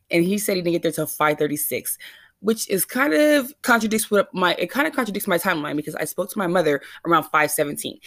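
A woman's voice: medium pitch, dry recording, clean studio sound. A woman vlogger telling a rambling, anxious, self-questioning story straight to her viewers. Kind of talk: casual confessional storytelling.

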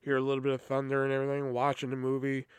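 A man's voice: medium pitch, completely flat delivery, very fast, clean tone, no room sound. A young man hosting a podcast, telling rambling personal stories in a casual, exasperated way with plenty of swearing. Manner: rambling, profane, exasperated storytelling. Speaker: podcast host. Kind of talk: casual storytelling.

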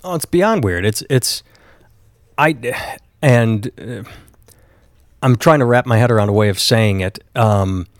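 A blunt, sardonic man in casual chat who swears freely. His pitch is middling and the sound is dry and close. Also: measured pace, pauses often, no room sound. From northern United States.

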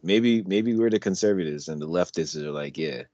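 A man co-hosting a podcast in casual banter, arguing his point in an animated way and repeating himself. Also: low-pitched, a little fast, no room sound. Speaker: podcast co-host. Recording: dull lo-fi podcast audio.

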